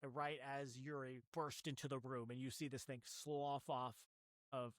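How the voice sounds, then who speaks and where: A man's voice: mid-range voice, level tone, normal speed, no room sound. A man narrating as game master of a tabletop horror game, often restarting his words as he explains the scene.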